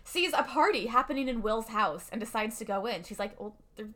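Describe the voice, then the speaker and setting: A woman's voice: fairly high pitch, animated, a bit bright. A young woman in casual chat, co-hosting and recapping a film plot, laughing often and using lots of fillers. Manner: laughs often, quick reactions, many fillers. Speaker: podcast co-host recapping a film.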